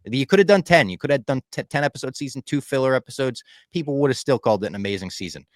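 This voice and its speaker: A man's voice: fast, dry recording. Podcast guy chatting casual, voice jumps all over, dead dry mic. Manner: animated, swings from loud to low. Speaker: podcast co-host. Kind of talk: casual chat.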